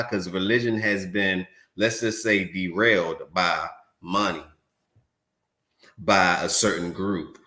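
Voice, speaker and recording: A man's voice: deep voice, sharp tone. Mocking man in a roomy echo. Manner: mocking, sing-song chanting, blunt asides. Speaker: livestream host reacting to a debate. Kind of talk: live reaction commentary.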